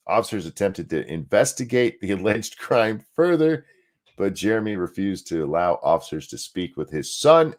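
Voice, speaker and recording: A man co-hosting a podcast, reading a news article aloud and breaking off for crude sarcastic remarks. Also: fairly low pitch. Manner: reads aloud with sarcastic asides and profanity.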